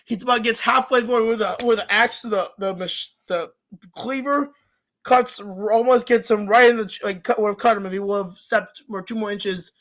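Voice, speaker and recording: Movie reviewer, casual rambling talk, bright edgy tone, mid pitch, fillers and restarts.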